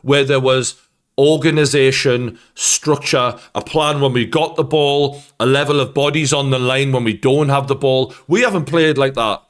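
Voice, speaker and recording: A man's voice: medium pitch, fairly even intonation, normal speed. A man giving an angry post-match football rant as host, swearing heavily. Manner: angry, heavy swearing, ranting.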